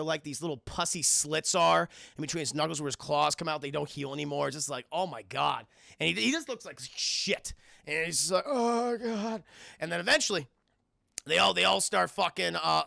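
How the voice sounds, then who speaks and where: A young man reviewing a film with his live chat, casual and profane, acting out lines loudly. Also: a little high, creaky, dry recording, clean studio sound. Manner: profane, animated, acts out quotes loudly.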